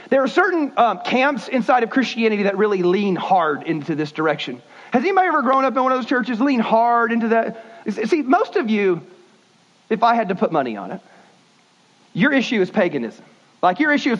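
A man preaching a sermon, animated and folksy, shifting his pace suddenly. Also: very high-pitched, fairly quick. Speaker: pastor. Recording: dull lo-fi sound.

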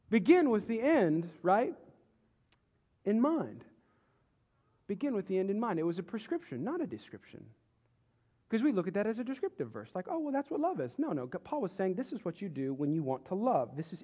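A man's voice: a little high, darkish tone. A male pastor preaching a sermon in a church, talking in a casual, joking way and teasing the congregation. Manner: conversational, joking, teases the congregation. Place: church sanctuary. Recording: dull lo-fi sound with long hall reverb.

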